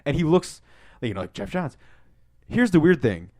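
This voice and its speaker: A young man co-hosting a podcast, telling stories in a casual, excitable way, swearing often and acting out what people said. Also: fairly high pitch, normal speed, no echo, clean studio sound. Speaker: podcast co-host. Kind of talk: casual storytelling chat.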